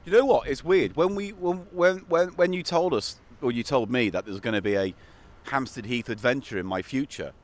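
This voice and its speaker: A man's voice: mid-range voice, fairly quick. A man in casual, sarcastic banter while walking outdoors in a city park.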